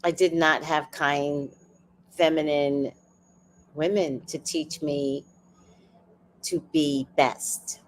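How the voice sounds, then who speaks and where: Slow and steady, with plenty of pauses, a fifty-something livestream host shares a family story in casual chat using a low-sitting voice. She voices the people she quotes, laughs often and curses freely, with slight noise in the background.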